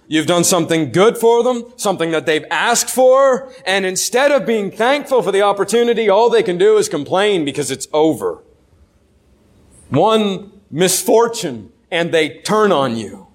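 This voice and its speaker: A man preaching a sermon earnestly, asking the listeners questions and slowing down to stress key words. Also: high voice.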